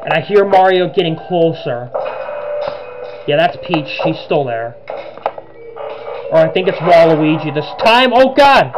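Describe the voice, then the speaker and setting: A man giving excitable let's-play commentary on a horror game, narrating each move as he plays. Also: fairly high pitch, unhurried, long pauses, over music, low-quality recording. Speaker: gaming channel host.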